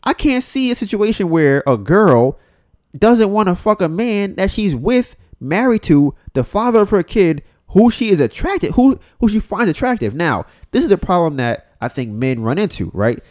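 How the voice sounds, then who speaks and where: A man's voice: high-pitched, big pitch swings, normal speed, a little mellow. Blunt, profane male podcast host. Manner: blunt and profane, often acting out quotes. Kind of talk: casual podcast chat.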